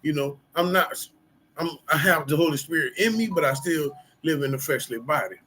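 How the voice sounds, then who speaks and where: A man's voice: fairly high pitch, fairly quick, bright, forceful tone, poor audio. A middle-aged man talking casually and candidly to his viewers about his past and how he has changed, rambling with lots of fillers and street slang. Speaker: vlogger sharing personal recovery. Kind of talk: casual personal talk to camera.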